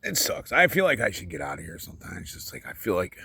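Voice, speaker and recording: A middle-aged man rambling candidly about his life in a personal vlog, halting and full of fillers and restarts, getting emotional so his voice keeps sinking to a near whisper. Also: sits low, wildly swooping pitch, pushed and bright, husky, no echo.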